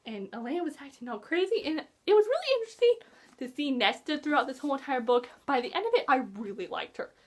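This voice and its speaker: Woman, high voice, swooping all over, excitable, gushing, chatty book vlog. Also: fast talker. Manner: gushing, excitable, lots of "like" fillers. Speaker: book reviewer. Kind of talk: casual book-talk vlog.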